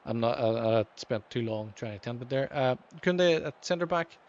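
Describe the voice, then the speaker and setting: Man giving halting gameplay commentary. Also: medium pitch, expressive, darkish tone. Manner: hesitant, many ums and restarts; livens up calling match action. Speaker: gaming channel host. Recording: slightly dull lo-fi mic, faint noise.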